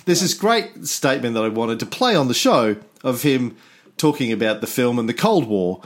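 A man's voice: medium pitch, sing-song, moderate pace. Rambling, laid-back male podcast host. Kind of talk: casual chat.

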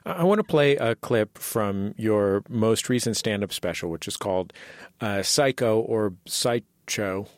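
Male interview host, lowish voice, measured and a bit hesitant, dry studio sound. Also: lively intonation, dry recording. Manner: measured, hesitant phrasing with ums. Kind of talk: interview questions.

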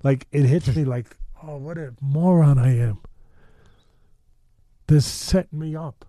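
A man's voice: a little high, takes it slowly, dark tone, dry recording, studio quality. Rambling man telling a street story. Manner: rambling, many fillers and restarts; blunt street-tough talk. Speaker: storytelling guest. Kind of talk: casual spoken storytelling.

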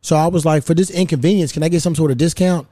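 A man in his thirties hosts a casual podcast, telling a story with lots of profanity and energy. His voice sits on the high side but sounds warm and mellow. The recording is close and dry. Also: fairly even intonation, fast talker, no echo. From United States. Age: 30s. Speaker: podcast host.

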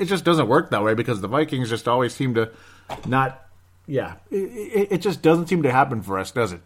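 A man hosting a sports show alone, talking casually, sarcastic and rambling, with mock outbursts. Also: mid-range voice. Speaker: sports podcast host. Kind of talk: casual solo sports commentary.

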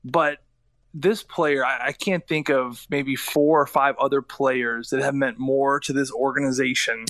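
A man co-hosting a sports radio show, chatting casually and telling stories with animated, stammering restarts. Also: medium pitch, unhurried, dry recording. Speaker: radio co-host and former hockey player.

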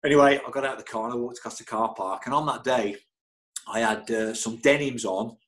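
A middle-aged man, a football physio, telling anecdotes in an interview with lively energy, often stammering and repeating words. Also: mid-range voice, brisk, low-quality recording. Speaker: football club physio, guest.

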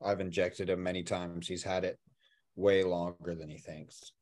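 Lowish voiced guy, blunt and crude, just chatting on a podcast. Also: little pitch movement, moderate pace, darkish tone. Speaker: podcast guest. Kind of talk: casual comedic chat.

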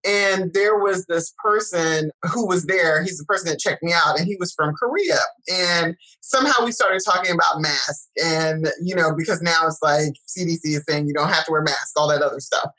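A woman's voice: lowish voice, normal speed, hardly any pauses, poor audio. A middle-aged woman, a guest speaker, chatting and telling stories, acting out the voices she quotes. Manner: animated storyteller, acts out quoted voices. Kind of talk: casual chat.

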